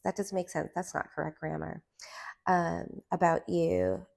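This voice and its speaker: A woman giving a casual tarot reading to her viewers, with a low voice and a gravelly, fried edge. She rambles in loose asides, studded with "like," in a breezy valley-girl lilt. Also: very animated, moderate pace, a little mellow. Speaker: tarot reader.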